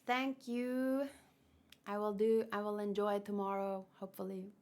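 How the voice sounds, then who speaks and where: A woman's voice: mid-range voice, level tone, unhurried, a little mellow. A young woman hosting a casual comic read-along, chatty and exclamatory with loose asides.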